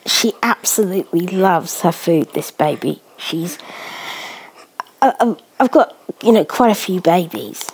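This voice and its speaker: A woman vlogging casually while spoon-feeding a baby, cooing in baby talk and often dropping to a soft whisper. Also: mid-range voice, animated, takes it slowly, a little hiss or hum.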